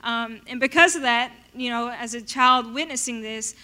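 High bright woman telling her testimony. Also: moderate pace, smooth. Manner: animated storytelling, acting out her past self in quotes. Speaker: speaker sharing a testimony. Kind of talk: personal faith testimony.

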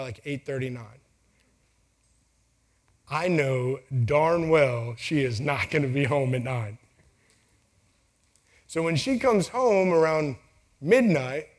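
Man, 30s, speaker at a live talk, a bit higher voice, jokey storyteller who acts out voices. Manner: joking, storytelling, acts out quotes. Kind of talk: casual motivational talk. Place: venue with a timer for speakers.

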